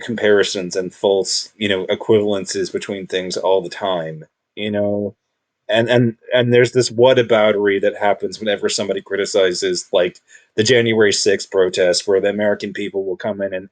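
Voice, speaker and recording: Rambling, combative man thinking aloud. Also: fairly low pitch. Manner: rambling, halting, many restarts and fillers; combative, self-assured. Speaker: video commentator. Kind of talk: unscripted monologue.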